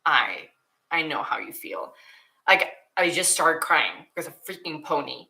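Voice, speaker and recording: Young woman, Swedish accent, slow easy pace, bright clear tone, chatty and emotional Q&A. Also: deep voice, low-quality recording. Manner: emotional, giggly, many likes and ums. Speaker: YouTuber answering viewer questions. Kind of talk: casual Q&A chat.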